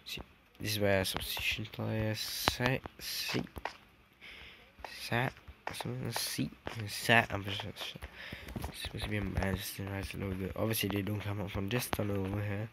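A young man with a lowish voice rambles through a casual game tour, correcting himself and tossing in "dude". His mic picks up steady background noise and clicking. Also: moderate pace, vocal fry. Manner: rambling, self-correcting, says "dude" often. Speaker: gaming vlogger. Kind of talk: casual game walkthrough commentary. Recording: noisy background hiss with clicks.

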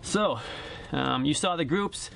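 A man's voice: fairly high pitch, slow pace, gravelly, very noisy. Chatty man reviewing at an outdoor range. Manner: chatty and joking, plain-spoken. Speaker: airgun reviewer. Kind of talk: casual product review vlog. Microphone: camera-mounted directional shotgun mic.

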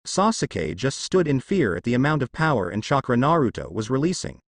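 A man reading fan fiction aloud as a narrator, voicing every character in the same plain, steady way. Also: mid-range voice, a little fast, no room sound, clean studio sound.

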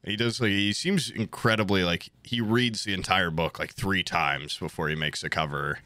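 A man's voice: low-pitched, fairly even intonation, moderate pace, bright, forceful tone, no echo, studio quality. A man co-hosting a podcast, rambling in casual, profane chat about art he loves. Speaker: podcast co-host.

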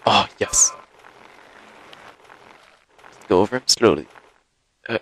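A man giving live, excitable commentary while playing a game, exclaiming and gasping often, recorded on a headset. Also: on the low side, slow pace. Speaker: gaming video host.

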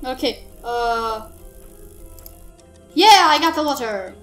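A woman playing a game and reading it aloud, excitable and flustered, often stammering and laughing. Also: high voice, takes it slowly, roomy sound, faint music behind. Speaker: gamer.

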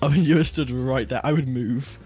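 A man's voice: mid-range voice, steady tone, moderate pace. Teasing young man gamer. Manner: teasing, laughing banter. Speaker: gaming co-player. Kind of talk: teasing casual gameplay chat.

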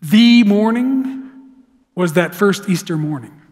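A man preaching a sermon in a church sanctuary, telling the story with lively, dramatic flair. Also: high voice, slow pace. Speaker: pastor. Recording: long church hall reverb.

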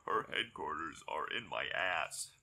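A man putting on a slow gravelly robot thief-woman. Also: a bass voice, expressive, sharp tone, full character voice. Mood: crude boasting. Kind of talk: comic voice over a video game.

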